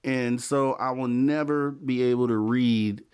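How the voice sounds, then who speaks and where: A man's voice: medium pitch, fairly even intonation, unhurried, darkish tone, clean tone. A man hosting a late-night call-in talk show in a laid-back way, often repeating himself. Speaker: host.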